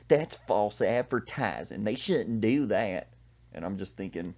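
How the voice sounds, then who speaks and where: A man's voice: on the low side, normal speed, a little mellow, dull audio. Man telling comic stories. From Central Texas. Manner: storytelling with laughs and quoted voices. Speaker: podcast host. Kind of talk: comic casual chat.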